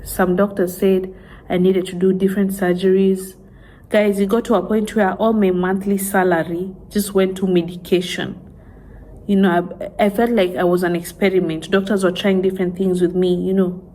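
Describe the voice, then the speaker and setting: A woman vlogger speaking in a soft, halting way, holding back tears as she opens up to her viewers in a confessional vlog. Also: medium pitch, level tone, slight background noise, rough recording. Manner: halting, soft-spoken, tearful.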